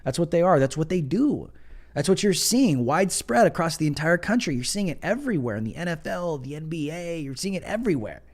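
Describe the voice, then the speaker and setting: A man's voice: animated, brisk. A young man with a slightly raised voice hosts a casual livestream. He speaks loosely and sarcastically, full of fillers and mock outrage. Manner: sarcastic, mocking, mimics others in high voices. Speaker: livestream host.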